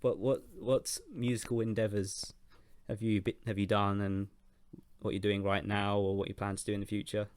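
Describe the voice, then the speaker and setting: Male host, low monotone, dry close mic. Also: normal speed, smooth, no echo. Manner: relaxed questions, laughs along. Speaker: podcast host. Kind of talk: casual interview chat.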